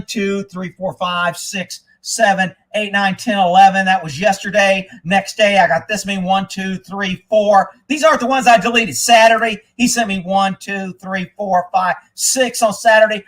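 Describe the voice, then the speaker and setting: A man with a high voice rants through a live stream, swearing constantly. He drops to a grumble, then climbs to exasperated shouts. He talks like an irritated host hitting back at his commenters. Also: fairly even intonation, normal speed, hardly any pauses. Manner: angry, swearing, swings from muttering to shouting. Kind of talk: profane ranting live stream.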